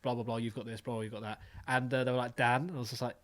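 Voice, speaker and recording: A young man hosts a casual podcast, rattling off stories at a brisk clip and acting out the voices of others. He swears freely and his voice sits at an ordinary middle pitch. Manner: animated storytelling, swears freely, acts out voices. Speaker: podcast host. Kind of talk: casual chat.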